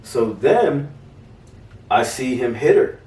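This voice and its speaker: Animated storytelling man, roomy far mic. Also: mid-range voice, takes it slowly. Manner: animated, swearing, acts out quoted voices. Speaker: podcast co-host. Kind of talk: casual storytelling.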